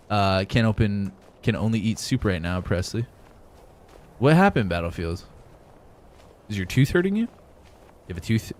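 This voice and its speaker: This gaming streamer is a young man whose voice sits on the low side and sounds a little mellow, with slight background noise. He chats loosely over live gameplay, reads viewer messages, swears casually and laughs often.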